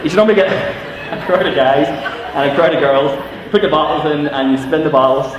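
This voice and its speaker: A man's voice: on the high side, steady tone, brisk, lo-fi sound, noisy background. A middle-aged Northern Irish man telling funny stories to teenagers, acting out voices and asides. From Northern Ireland. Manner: storytelling with acted-out voices and asides. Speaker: youth speaker. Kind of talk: humorous talk to teenagers. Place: large civic hall. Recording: echoey hall from far off.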